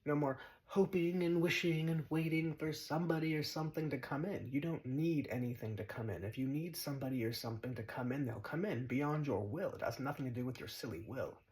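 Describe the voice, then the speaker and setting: A man's voice: fairly high pitch, a little fast, hardly any pauses, darkish tone, poor audio. A man giving a spiritual monologue as a teacher, blunt and profane, mocking his listeners and repeating short commands.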